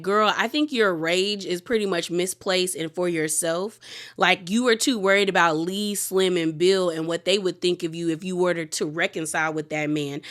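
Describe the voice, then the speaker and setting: A woman's voice: mid-range voice, a bit bright. A woman recapping a TV episode in a casual, chatty way, full of "like" and sassy asides. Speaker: TV recap host.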